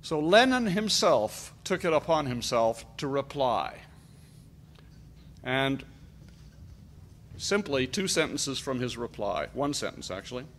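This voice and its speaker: A middle-aged man from Canada delivering an emphatic, deliberate political speech at a conference. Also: medium pitch, big pitch swings, fairly bright tone, a little hiss or hum. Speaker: conference speaker.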